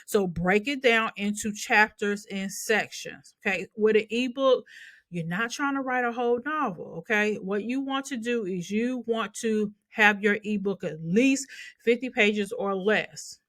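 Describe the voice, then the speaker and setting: A woman's voice: mid-range voice, a little slow, fairly bright tone, no echo. A woman hosting a YouTube channel, giving casual step-by-step tips in a chatty way and often asking "okay?". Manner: chatty, repeats "okay?" to check in. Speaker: YouTube host. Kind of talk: casual tutorial talk.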